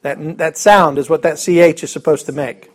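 A man's voice: fairly high pitch, steady tone, normal speed. A man teaching a Bible class in a casual, joking way, chuckling often and restarting his sentences.

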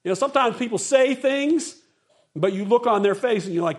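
A middle-aged man preaching a sermon, telling stories with lively acted-out quotes. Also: very high voice, a little fast. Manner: animated storytelling with acted-out quotes. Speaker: pastor.

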